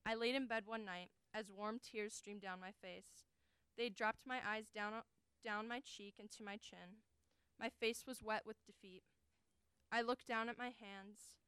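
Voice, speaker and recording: A woman's voice: mid-range voice, fairly even intonation, bright, forceful tone, smooth, no echo. Young woman doing a dramatic prose reading, earnest and weighty, super clean voice, dead dry sound. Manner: earnest, deliberate, emotionally weighted delivery. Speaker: college forensics team performer.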